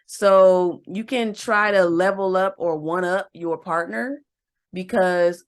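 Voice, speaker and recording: Co-host, woman, slightly low voice, relaxed relationship talk, lively quoted asides. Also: slow pace, smooth. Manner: animated, acts out quotes in a higher voice. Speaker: podcast co-host. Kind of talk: casual relationship chat.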